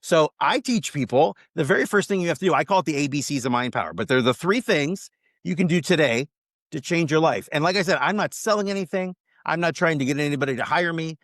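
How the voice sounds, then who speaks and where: A man speaking as a podcast guest, teaching mindset in an emphatic, animated motivational way. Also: fairly high pitch, fast, dry recording, clean studio sound. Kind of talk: casual podcast interview.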